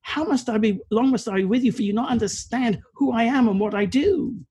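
An exasperated Jesus scolds a faithless crowd in a sermon retelling, as a man acts him out. The voice is husky and rather high, with open frustration. It stays plain and unpolished, like a storyteller's. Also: fairly quick, darkish tone. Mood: frustrated. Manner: sighing, frustrated.

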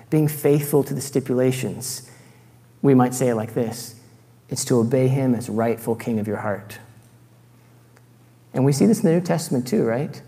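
A man's voice: mid-range voice, warm tone, big-room sound. A man giving an earnest teaching sermon, reading scripture passages aloud and adding light self-deprecating asides. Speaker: preacher.

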